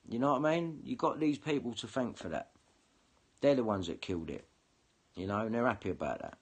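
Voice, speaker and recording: A man's voice: deep voice, husky. A man ranting angrily and swearing in a monologue to camera. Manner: heated, sweary, confrontational. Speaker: vlogger.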